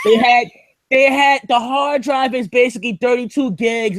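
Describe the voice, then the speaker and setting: A man's voice: extremely high pitch, expressive, fairly quick. A man hosting a podcast in casual chat, ranting animatedly and swearing freely, describing himself as skeptical and paranoid. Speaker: podcast host.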